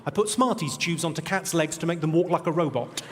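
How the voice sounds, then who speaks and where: A male stand-up comedian with a posh English accent, delivering dry, deadpan one-liners on a theatre stage. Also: fairly high pitch, brisk, very noisy. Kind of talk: stand-up routine. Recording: reverberant theatre, loud crowd.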